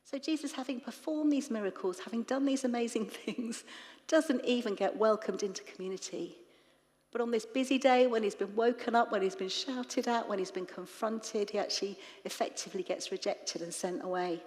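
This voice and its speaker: A woman preaching in church, retelling scripture with lively, animated asides to the congregation. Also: on the high side, normal speed. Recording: reverberant church hall.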